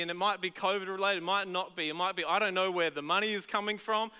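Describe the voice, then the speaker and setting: Bright-voiced Australian pastor preaching. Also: male voice, sits high, fast talker, hardly any pauses, clear, resonant tone, big-room sound. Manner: conversational and animated, acting out voices. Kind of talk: sermon. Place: large church auditorium.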